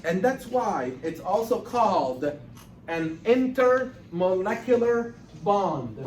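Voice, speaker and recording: A man teaching a chemistry class, lecturing with emphatic, animated repetition of key points. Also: high voice, measured pace, a little hiss or hum. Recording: echoey classroom from far off.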